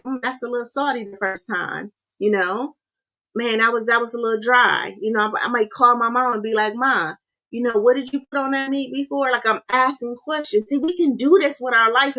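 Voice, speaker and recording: A woman's voice: fairly high pitch, a bit bright. A woman hosting a motivational livestream, talking casually and often checking in with "right?" and "you guys".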